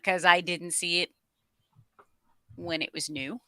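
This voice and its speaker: A woman's voice: on the low side, fairly even intonation, slow pace, sharp tone, no echo, studio quality. A woman co-hosting a fan radio show, chatting casually in a wry, offhand way. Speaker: co-host. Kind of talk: casual chat.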